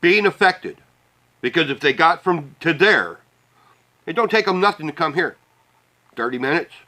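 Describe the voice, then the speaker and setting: Bitter laughter mixes with profanity as this Midwestern vlogger rants heatedly to the camera. His slightly high voice comes out pushed and bright.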